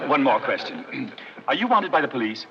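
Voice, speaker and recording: A man's voice: medium pitch, very animated, normal speed, a crowd in the background. An actor playing a pompous man judging a party game, announcing in a formal, stiff manner. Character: pompous male scavenger-hunt judge. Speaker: film character. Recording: muffled 1930s film soundtrack with faint hiss.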